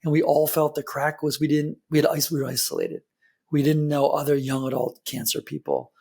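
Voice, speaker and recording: A man's voice: a little high, level tone, fairly quick, gravelly, a little mellow, slightly rough. A man, a podcast guest, speaking from home in an enthusiastic and affirming way. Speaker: podcast guest, nonprofit founder. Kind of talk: casual interview chat.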